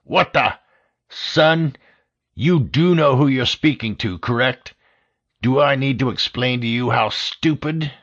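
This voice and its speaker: A man voicing a loud, domineering older FBI director with a raspy, wheezing smoker's voice who barks orders and swears. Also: mid-range voice, takes it slowly, voice pushed up. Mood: shouting, furious. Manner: barking, profane, domineering. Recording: dull lo-fi audio.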